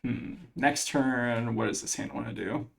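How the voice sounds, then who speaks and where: A man's voice: medium pitch, steady tone, unhurried, vocal fry, a bit bright. A man commentating his own card game match, thinking aloud as he weighs each play, with plenty of fillers. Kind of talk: casual gameplay commentary.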